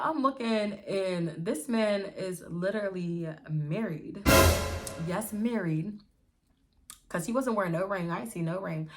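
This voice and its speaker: A young woman in a casual storytime vlog, chatting to viewers at home and calling them y'all. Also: mid-range voice. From Pittsburgh area, US. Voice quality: lively, swears freely, addresses viewers as y'all. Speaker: vlogger.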